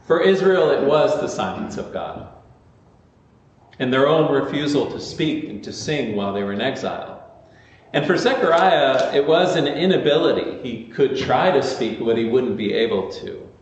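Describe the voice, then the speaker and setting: In a large, echoing church, a pastor with a mid-range voice preaches at normal speed with lively intonation. He speaks conversationally, using fillers and restarting sentences, and the far-off recording sounds muffled.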